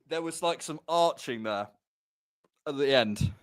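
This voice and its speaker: A man's voice: fairly high pitch, expressive, slow, no room sound, clean studio sound. A man hosting a live podcast, out of breath and bantering in a joking, chatty way. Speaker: podcast host. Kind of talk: casual live podcast chat.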